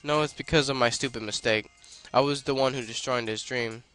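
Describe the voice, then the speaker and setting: A meek young female mechanic who blames herself, as a man reads her lines. Soft and apologetic, with a bright tone. Quiet game music plays underneath. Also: mid-range voice, fairly even intonation, brisk, clear, resonant tone, lightly acted. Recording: faint game music behind.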